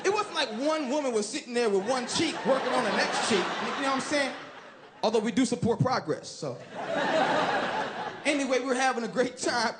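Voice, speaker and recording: Male stand-up comic, high voice, brash and animated delivery, noisy live stage mic. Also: a little fast, a loud crowd. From Chicago. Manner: animated and profane, shouting punchlines. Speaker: stand-up comedian. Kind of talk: stand-up comedy set. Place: comedy stage before a laughing live audience. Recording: loud live room noise.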